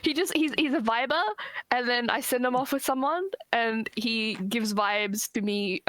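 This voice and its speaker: A woman's voice: fairly high pitch, steady tone, moderate pace, fairly bright tone, a little hiss or hum. A woman chatting casually as a player in a tabletop game, giggly and playful. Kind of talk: casual chat.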